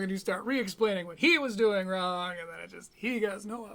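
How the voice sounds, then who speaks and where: A man's voice: high-pitched, normal speed, vocal fry, sharp tone. A man hosting a live stream, reacting to podcast clips with profane, laughing, rambling commentary. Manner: profane, laughing often, loose rambling asides. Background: Irish-style rock music playing.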